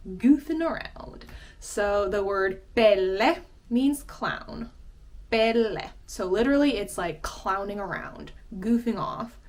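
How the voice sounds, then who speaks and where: A woman's voice: mid-range voice, lively intonation, slow pace. A young woman giving a casual vocabulary lesson, chatty and giggly, laughing often between explanations. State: out of breath. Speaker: language teacher.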